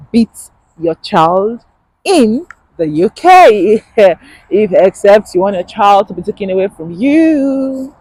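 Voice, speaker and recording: A woman's voice: medium pitch, darkish tone, no echo, poor audio. A woman with a Nigerian accent giving casual advice in a chatty vlog, laughing often and repeating points for emphasis. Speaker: vlogger.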